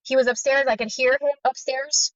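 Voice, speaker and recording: A woman's voice: high-pitched, fairly even intonation, moderate pace, no echo. Earnest woman recounting, dull dry audio. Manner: earnest, intense, recounting fear in vivid detail. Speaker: guest sharing her story. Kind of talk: first-person true crime account.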